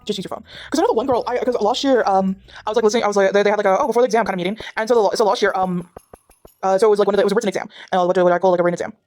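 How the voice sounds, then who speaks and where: Over soft background music, a young woman from Durban rambles through casual gameplay chat at home beside her dog, restarting often and using many fillers. This South African vlogger's mid-range, slightly mellow voice races along.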